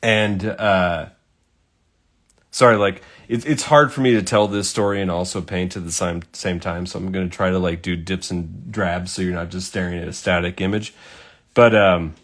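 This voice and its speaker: A man's voice: low voice, fairly even intonation, moderate pace, a bit bright. Casual male storyteller, talks while painting, rambling and profane. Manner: rambling, swears, lots of fillers.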